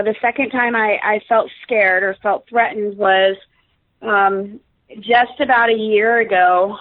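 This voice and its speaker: A woman, a radio guest, telling a story casually with many fillers and restarts. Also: mid-range voice. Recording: tinny phone line.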